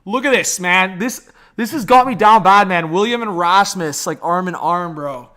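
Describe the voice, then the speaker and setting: A young man doing excitable, slangy live reaction commentary and talking straight to his chat as a livestream hockey commentator. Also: high-pitched, normal speed.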